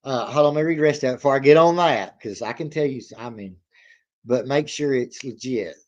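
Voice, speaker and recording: A man in his thirties with a drawl hosts a casual livestream, rambling from one story to the next in a folksy, easygoing way. He laughs often and reads viewer comments aloud as he goes. His voice sits at a middling pitch, and the stream audio is a little dull and lo-fi. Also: brisk. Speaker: livestream reaction host.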